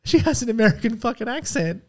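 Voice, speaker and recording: A man's voice: very high-pitched, animated, fast talker. A man co-hosting a podcast in casual chat, swearing a lot and laughing often. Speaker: podcast co-host.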